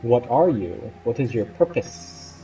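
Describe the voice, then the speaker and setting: Brief: a man doing a determined young woman warrior in a game, earnest questions, mellow voice. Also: mid-range voice, lively intonation, measured pace, vocal fry, recorded from a distance, faint music behind, poor audio. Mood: questioning. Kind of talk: reading game dialogue aloud.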